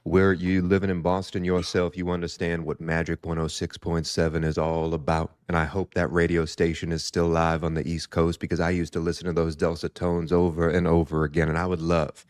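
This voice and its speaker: A man putting on a soft, drawn-out smooth jazz radio announcer voice with a put-on accent. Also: sits low, monotone, dry recording, clean studio sound, pitched below the performer's own voice, close to an everyday voice. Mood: mellow.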